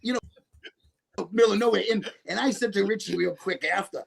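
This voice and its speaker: A man with a raspy voice telling a story as a guest on a casual podcast, laughing often. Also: high-pitched, a little fast.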